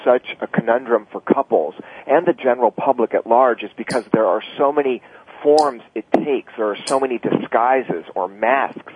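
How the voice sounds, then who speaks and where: A man's voice: medium pitch, normal speed, slight background noise. A man working as a couples therapist, explaining anger in couples in an earnest, teaching way with wry asides. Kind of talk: radio talk. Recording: dry phone-line radio sound.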